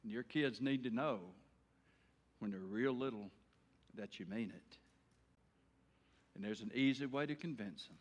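A middle-aged male pastor preaching an evening sermon in a folksy way, swinging between loud emphatic bursts and quiet earnest talk. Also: mid-range voice, measured pace, pauses often.

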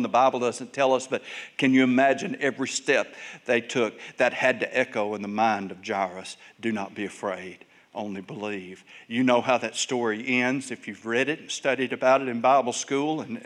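A male pastor preaching a sermon, telling Bible stories and acting out the people in them with big swings in pitch and volume.

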